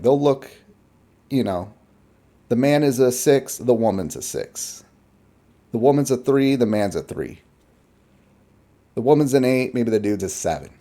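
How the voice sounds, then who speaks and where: A man's voice: mid-range voice, mellow. A man giving casual, rambling reaction commentary in a blunt, chuckling way.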